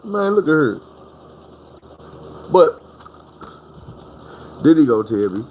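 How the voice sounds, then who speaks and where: A man telling a comic story, casual and animated, full of profane slang, jumping up high to reenact other people. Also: slow pace, long pauses, a little hiss or hum, poor audio.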